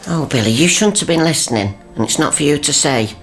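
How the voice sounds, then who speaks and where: An actress playing a fussy, affectionate mother in a radio comedy, prim and gently chiding. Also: sits low, expressive, a little fast, soft background music. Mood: motherly.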